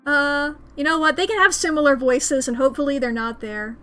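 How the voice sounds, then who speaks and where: A woman's voice: sits high, steady tone, brisk, fairly bright tone, faint music behind. A woman streaming a story game, chatting casually with self-mocking asides between reading lines. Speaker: streamer playing a visual novel.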